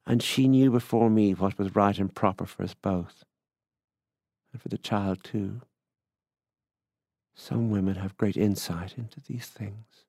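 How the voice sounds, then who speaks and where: A rueful, plain-spoken country widower, as a man reads him aloud in a storybook reading, with a low, gravelly voice. He confides slowly and drily, in a dead-dry room. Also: steady tone, warm tone, no room sound.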